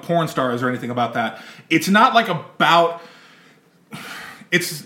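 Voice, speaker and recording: A man's voice: a little high, bright, forceful tone, roomy sound. A man hosting a casual podcast chat, rambling, laughing often and swearing freely. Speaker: podcast host.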